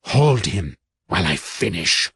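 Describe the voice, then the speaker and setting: A man's voice: medium pitch, a little slow, fairly bright tone, husky, pitched above the performer's own voice. A man doing a cold whispering cult leader. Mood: menacing.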